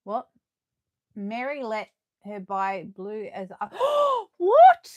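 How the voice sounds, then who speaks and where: A woman's voice: medium pitch, takes it slowly, no echo, clean studio sound. Chatty woman unboxing collectibles. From Australia. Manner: chatty and excitable, gasping and laughing, talking to viewers. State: losing her voice. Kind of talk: casual live unboxing chat.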